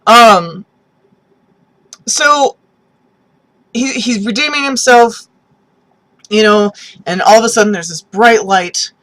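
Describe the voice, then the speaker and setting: A woman giving a casual, animated spoken review of a TV episode, with lots of "um"s and restarts, sometimes acting out characters' reactions. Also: on the high side, slow pace, pauses often, rough recording. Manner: animated, many ums and restarts, acts out reactions.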